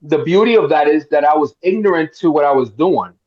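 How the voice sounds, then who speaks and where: A middle-aged actor from Miami, a guest at a roundtable interview, tells a long anecdote, animatedly acting out the voices in it. He speaks a little high and fairly quickly, and the audio sounds dull.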